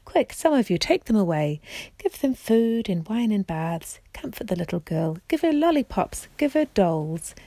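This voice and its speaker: A woman voicing a fussy, shrill giant queen while reading a storybook aloud. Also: big pitch swings, moderate pace, warm tone, dry recording.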